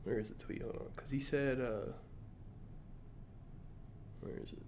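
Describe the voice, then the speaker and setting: A man's voice: mid-range voice, fairly even intonation, unhurried, a little mellow, a little hiss or hum. Blunt, cursing male streamer. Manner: blunt, profane, incredulous. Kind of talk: casual stream commentary.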